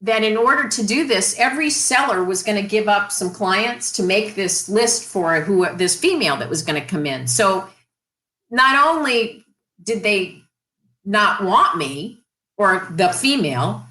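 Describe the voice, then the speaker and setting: A woman telling stories as an interview guest, animated and lively in her telling. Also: mid-range voice, unhurried. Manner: animated storyteller. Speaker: guest, radio industry executive. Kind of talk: casual interview storytelling. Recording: roomy echo.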